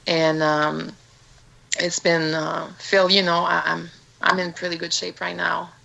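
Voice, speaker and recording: A woman's voice: fairly low pitch, level tone, measured pace, gravelly, pushed and bright, low-quality recording. A woman in her thirties from Canada, with a Canadian accent, speaking earnestly as a guest on an interview podcast and often restarting her sentences. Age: 30s. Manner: earnest, frequent restarts and repeated words. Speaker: guest fighter. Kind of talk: casual interview talk.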